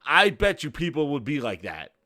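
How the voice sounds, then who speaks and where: A man's voice: a little high, big pitch swings, normal speed, pushed and bright. A man hosting his own gaming channel, ranting casually in a rambling way, with frequent swearing and laughter. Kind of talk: casual reaction rant.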